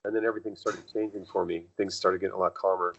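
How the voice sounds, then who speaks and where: Guest, male, low voice, rambling storyteller who acts out dialogue, dull lo-fi call audio. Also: fairly even intonation, quick pace, gravelly, a crowd in the background. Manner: rambling, acts out quoted dialogue with jumps in pitch. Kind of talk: casual conversational storytelling.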